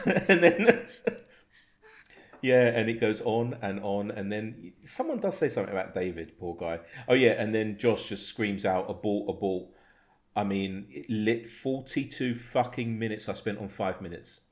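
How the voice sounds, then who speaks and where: A man's voice: fairly low pitch, expressive, measured pace. A man from England, hosting a podcast in casual chat, laughing and swearing as he reads out group chat messages. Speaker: podcast host.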